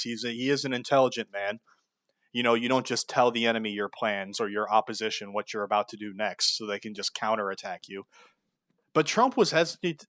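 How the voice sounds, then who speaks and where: A man's voice: medium pitch, fairly bright tone, dry recording, clean studio sound. A man giving heated, sarcastic political commentary, blunt and full of profanity. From United States.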